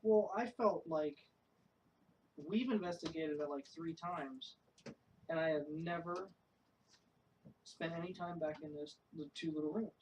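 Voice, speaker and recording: A man's voice: on the high side, unhurried, long pauses, a little mellow. A man and paranormal investigator explaining the layout of a basement in casual group chat, plain and hedging with um and like. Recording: distant mic with faint noise.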